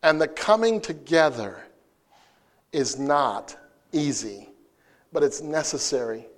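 A man preaching a sermon, playful and animated, who acts out scenes and jokes with the congregation. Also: fairly high pitch, slow. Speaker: pastor.

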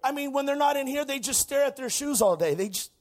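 High-voiced man shouting a Pentecostal sermon. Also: lively intonation, fast. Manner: shouting, preaching with rising intensity; folksy, drops to quiet asides. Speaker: pastor.

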